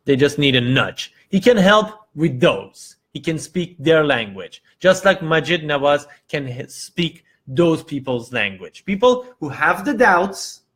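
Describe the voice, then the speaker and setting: A man from Iran hosting a casual live show, telling stories in an animated way and acting out quotes. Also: fairly high pitch, measured pace, few pauses. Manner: animated storytelling, acts out quotes, frequent fillers. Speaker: host.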